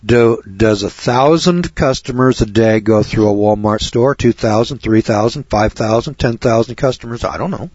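A man with a husky, darkish, lowish voice delivers a rambling, indignant monologue on air at a moderate pace with few pauses. Conversational and repetitive, he circles back and keeps addressing the listener. The lo-fi recording is dull, dry and close, with no echo.

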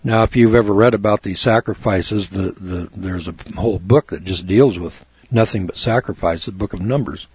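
A man telling a folksy, animated story in a lecture, acting out both sides of a conversation. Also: low-pitched, moderate pace, slightly rough, dry recording, muffled recording. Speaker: speaker on law and scripture.

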